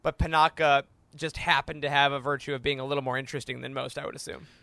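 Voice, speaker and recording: A man's voice: mid-range voice, fairly even intonation, fast talker, vocal fry, bright, forceful tone, no room sound. A young man co-hosting a podcast, chatting casually and enthusiastically. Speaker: podcast co-host. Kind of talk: casual chat.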